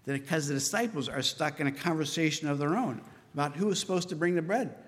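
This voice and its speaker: Lively preacher man in a reverberant hall. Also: a little high, fast talker. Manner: lively storytelling, acting out the disciples with a light laugh. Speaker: pastor. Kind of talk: sermon.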